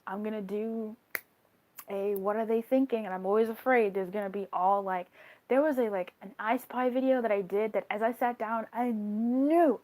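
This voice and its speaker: A young woman reading tarot on a live stream, chatting with viewers in an animated way, laughing often and swearing casually. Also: a little high. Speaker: tarot card reader.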